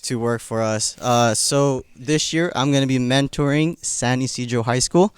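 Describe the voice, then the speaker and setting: A young adult man engineer introducing himself in a relaxed, good-humored way. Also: mid-range voice, moderate pace, clear, resonant tone, no echo. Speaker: engineer mentor. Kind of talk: self-introduction at an event.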